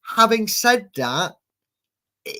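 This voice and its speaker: A host with a slightly high voice runs a relaxed football prediction show, speaking slowly. He's chatty and teasing as he reads out the score picks viewers have sent in.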